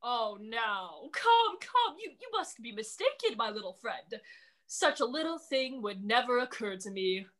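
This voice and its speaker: Brief: young actress as a shifty, cowardly male dragon, high-voiced, stammering, stagey swoops in pitch. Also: big pitch swings, unhurried, fairly bright tone. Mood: sly. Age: young adult. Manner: theatrical, stammering, sweeping pitch swings. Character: sly, cowardly, whining male quilt dragon. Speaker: student actor. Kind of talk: stage play acting. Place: school stage.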